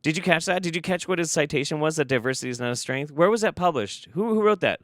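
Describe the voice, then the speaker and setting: A man's voice: fairly high pitch, lively intonation, fast, a bit bright, no echo, clean studio sound. A man hosting a reaction commentary video, swearing, exasperated and repeating himself as he pushes back at a clip.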